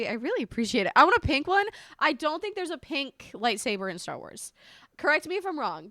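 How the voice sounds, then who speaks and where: A woman's voice: medium pitch, fairly bright tone, no echo, studio quality. A woman live streamer chatting casually with her viewers, scattered and talkative, thanking them often and swearing mildly.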